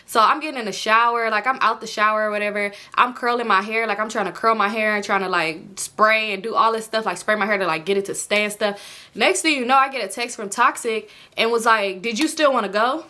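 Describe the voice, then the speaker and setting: A young American woman telling a storytime on her vlog, chatty and animated, swearing freely. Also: fairly high pitch, a little fast. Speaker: vlogger. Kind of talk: casual storytime.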